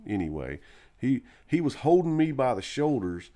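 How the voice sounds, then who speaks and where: A man's voice: mid-range voice, sing-song, normal speed, dark tone. A man telling a long personal story in a loose, rambling way on a live stream, full of fillers and restarts. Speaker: live stream co-host or guest.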